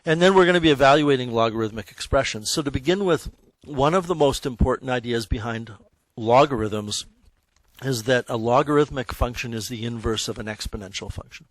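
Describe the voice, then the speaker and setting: Speaking briskly in a mid-range voice, a male high school math teacher runs a classroom lesson with no room sound audible. His delivery is loose and conversational; he fixes his own wording mid-stream and keeps asking students how they're doing.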